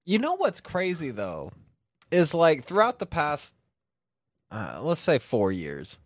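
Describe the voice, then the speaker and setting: A young man talks in casual chat, joking and quick to chime in. His pitch moves around a lot, and the sound is dry and close to the mic. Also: huge pitch swings, no echo.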